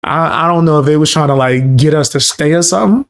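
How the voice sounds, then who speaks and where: A man's voice: a little high, fast talker. Profane Bronx man telling stories. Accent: New York (Bronx). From the Bronx, New York. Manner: loose, profane storytelling with street slang. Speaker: live streamer. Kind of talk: casual chat.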